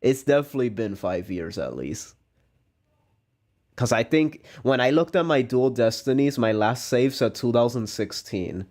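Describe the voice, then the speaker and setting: A man streaming a game playthrough live, chatting in an excitable, rambling way. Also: medium pitch, normal speed.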